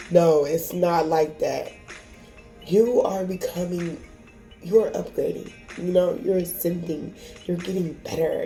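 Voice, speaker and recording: A woman's voice: lowish voice, gravelly, mellow. A woman giving a casual tarot reading to camera, emotional and encouraging, swearing freely. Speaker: tarot reader.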